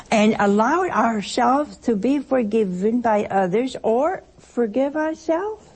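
Gravelly-voiced woman giving a chatty sermon. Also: fairly high pitch, expressive, a little slow, darkish tone. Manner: chatty storytelling, laughs through her anecdotes. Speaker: religious speaker addressing listeners. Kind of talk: conversational sermon.

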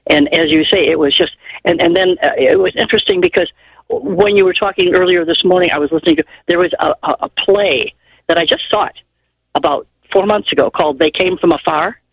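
A woman's voice: lowish voice, brisk, breathy edge, no room sound, poor audio. An older woman phoning in to a radio show, telling a long rambling story in a chatty way. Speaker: caller. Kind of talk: call-in radio chat.

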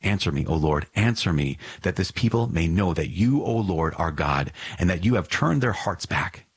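Bold male prophet giving firm commands, voiced by a husky male reader. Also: sits low, animated, moderate pace, exaggerated voice. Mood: stern.

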